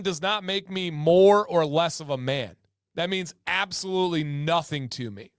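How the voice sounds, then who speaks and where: A man hosting a casual livestream chat, emphatic and fond of repeating words for stress. His voice sits a bit high for a man and is heard close and dry, with no room echo. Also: moderate pace. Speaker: livestream host.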